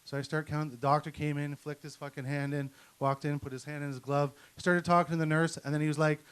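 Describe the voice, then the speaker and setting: A man's voice: a little high, little pitch movement, fast talker, fairly bright tone, clean tone. Profane ranting male stand-up comic. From Canada. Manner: crude, ranting, profane storytelling. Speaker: stand-up comedian. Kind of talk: stand-up comedy set. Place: comedy night at a venue with an audience.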